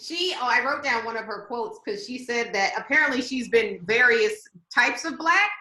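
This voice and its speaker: A woman hosting a podcast over a video call, chatting casually, animated and laughing, often restarting her sentences. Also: on the high side, moderate pace, echoey room. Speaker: podcast host.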